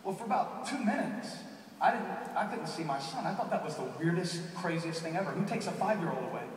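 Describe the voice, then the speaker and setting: Male preacher, storytelling sermon, higher voice, distant, echoey arena hall. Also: lively intonation, brisk, slight background noise. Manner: storytelling, builds to shouted preaching. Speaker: pastor. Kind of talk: conference sermon. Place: large arena.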